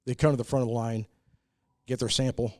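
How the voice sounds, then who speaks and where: A man's voice: medium pitch, flat delivery, fast talker, a little mellow, no echo, clean studio sound. A middle-aged American man, a brewery owner, telling stories in a casual interview, earnest and full of "uh"s. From United States. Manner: earnest, many "uh"s, acts out quoted people. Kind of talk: casual storytelling in a podcast interview.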